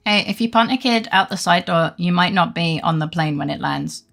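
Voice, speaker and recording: A woman's voice: on the low side, vocal fry. A woman chatting casually with her viewers on a live stream, swearing freely and laughing often.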